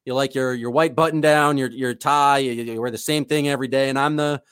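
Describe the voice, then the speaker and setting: A man's voice: medium pitch, fairly even intonation, a little fast, fairly bright tone, smooth, no room sound, clean studio sound. A man co-hosting a sports podcast in casual chat, rambling enthusiastically and calling himself the eccentric goofball. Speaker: podcast co-host.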